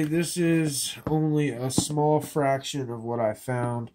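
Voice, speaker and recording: A man with a cold clears his throat now and then as he walks through his finds in an office. He talks slowly and easily at a middle pitch, joking and wandering a little. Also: background noise. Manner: laid-back, joking, slightly rambling. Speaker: metal detecting vlogger. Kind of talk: casual show-and-tell. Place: indoors in an office.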